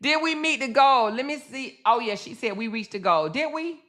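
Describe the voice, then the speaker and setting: Bright-voiced woman running a live chat, swears freely, repeats herself when heated, talks straight to her viewers. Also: a little high, expressive, normal speed. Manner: blunt, profane, reads chat comments aloud; heated, repetitive venting. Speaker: livestream host. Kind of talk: casual livestream chat.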